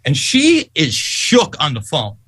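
A man telling stories in a heated, profane political rant, loudly and emphatically angry. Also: fairly high pitch, husky, dry recording. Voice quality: profane, fast and animated.

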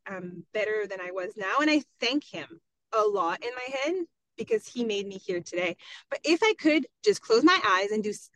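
A middle-aged woman talking frankly in a casual podcast chat, animated and full of "like" as she tells stories. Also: mid-range voice, no room sound. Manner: frank, animated storytelling with lots of "like". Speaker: podcast guest. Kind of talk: casual conversation.

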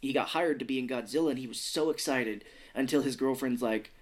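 A man's voice: mid-range voice, a little fast. A man in his thirties co-hosting a casual movie podcast, joking and acting out lines in silly voices. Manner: laughing, jokey, acts out movie lines in voices. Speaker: podcast co-host. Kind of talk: casual movie recap chat.

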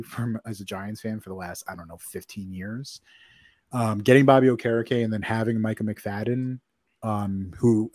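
A man's voice: fairly low pitch, darkish tone, no room sound, clean studio sound. A man co-hosting a sports podcast, talking casually with lots of fillers and restarts. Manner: rambling, filler-heavy, self-correcting. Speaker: podcast co-host.

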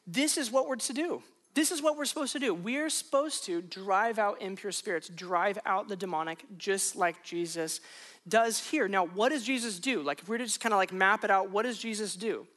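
A man preaching a sermon to a congregation, conversational and animated, breaking into emphatic punchlines. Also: sits high, moderate pace. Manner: conversational, self-questioning asides. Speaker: pastor.

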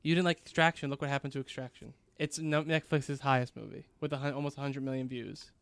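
A man hosting a podcast talks fast and loosely, packing his speech with fillers. His voice is clear and a touch high. The sound is dry and close. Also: fairly even intonation, a bit bright, no room sound. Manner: quick, chatty, lots of fillers. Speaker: podcast host. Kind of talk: casual chat.

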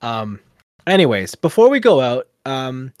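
A man rambles through a casual anecdote. He talks in a middle-pitched voice, acting out what people said. The recording is close and dry. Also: measured pace, no echo. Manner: rambling, animated storyteller with many fillers and quoted asides. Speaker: podcast co-host. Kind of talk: casual storytelling chat.

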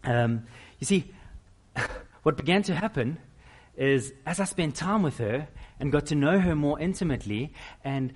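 Man, middle-aged, pastor, sermon, animated delivery, self-deprecating, lively pitch. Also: a little slow, husky.

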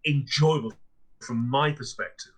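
A middle-aged man, telling ghost stories as a podcast guest in a measured, theatrical way. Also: medium pitch, husky. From Lancashire, England. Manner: measured, theatrical storyteller with repeated words and fillers. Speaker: guest storyteller and paranormal historian. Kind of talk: podcast storytelling.

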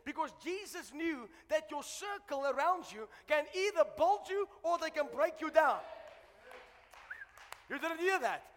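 A man preaching a sermon as pastor to his congregation, building to shouted exhortations and dropping to chatty asides. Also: extremely high pitch, expressive, measured pace, big-room sound, a little hiss or hum. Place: church.

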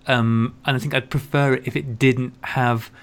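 A gravelly-voiced man chats on a casual podcast, circling round his points with ums and restarts. He slips into easy teasing. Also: mid-range voice, steady tone, moderate pace. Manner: rambling, hesitant, teasing, many ums and restarts. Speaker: podcast co-host.

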